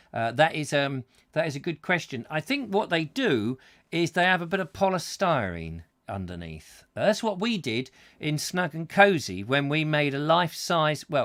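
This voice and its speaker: A man's voice: medium pitch, a bit bright. A man with a rambling, self-mocking manner, hosting a comic live chat show and full of fillers and asides.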